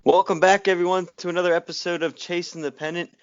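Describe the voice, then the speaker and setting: An upbeat man hosts a casual sports podcast, laughing easily between his points. His voice is smooth and resonant, sitting at a middle pitch. The recording is dry and slightly muffled. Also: flat delivery, fast, no echo, faint music behind. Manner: upbeat, laughs often, filler-heavy. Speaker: podcast host.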